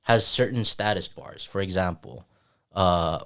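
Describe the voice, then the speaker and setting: A man with a fairly low voice co-hosts a podcast in relaxed, casual chat. He stumbles, restarts his sentences, and drops casual swears as he works through his ideas. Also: unhurried, clean tone. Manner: laughs often while talking. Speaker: podcast co-host.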